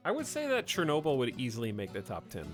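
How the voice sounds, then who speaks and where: A man chats casually on a stream, rambling and opinionated, stopping and restarting his thoughts. His pitch moves about in a lively way. Faint guitar music plays behind him. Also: fast talker.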